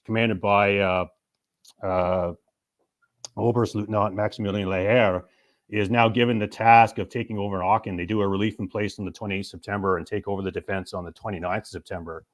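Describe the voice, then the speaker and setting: A man, a military historian and urban operations instructor, giving a detailed, explanatory presentation as a guest to the show's host. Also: on the low side.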